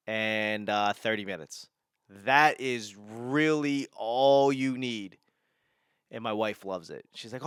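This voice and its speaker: A young New England podcast host rambles through a casual monologue, mocking himself, swearing often and laughing a lot. His medium-pitched voice is clear and resonant. The recording is dry and studio quality.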